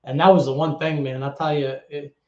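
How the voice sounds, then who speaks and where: A man with a New York accent, a former club DJ telling stories as an interview guest, animated and swearing freely. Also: on the high side. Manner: animated, swearing storyteller with quick restarts. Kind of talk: casual storytelling interview. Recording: echoey room, dull lo-fi audio.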